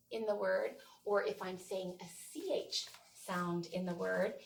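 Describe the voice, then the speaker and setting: A woman teacher runs a small-group phonics lesson, modeling each sound slowly and clearly. Her voice has a gravelly, fry-tinged edge. She sits some way from the mic, with faint noise underneath. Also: mid-range voice, recorded from a distance.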